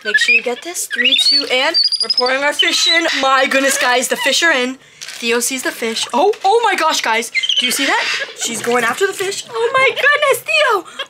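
A young woman vlogging outdoors with her pet monkeys, gushing, squealing and using baby talk with the animals. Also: high voice. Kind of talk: excited vlog narration. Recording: loud background noise.

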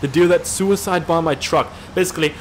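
A man's voice: fairly high pitch, a little fast, heavy background noise. A man giving casual gameplay commentary as a video creator, rambling and jokey with lots of swearing. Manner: rambling, profane, jokey storytelling.

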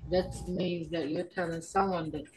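A woman teaching an online language class over a video call, patiently repeating words slowly for her learners. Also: on the low side, steady tone, background noise.

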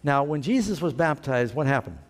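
A man preaches in a raised, higher voice, and the long reverb of a large hall trails after each phrase. He plays pastor, turning to his listeners with question after question and slipping into little acted sayings to make his point. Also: lively intonation, brisk. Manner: asks the congregation questions and acts out everyday sayings. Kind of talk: sermon.

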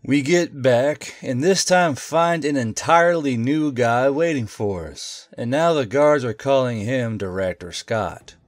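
A male text-to-speech voice reading a tabletop game story in an even, unhurried way. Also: mid-range voice, no echo. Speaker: narrator. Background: faint music.

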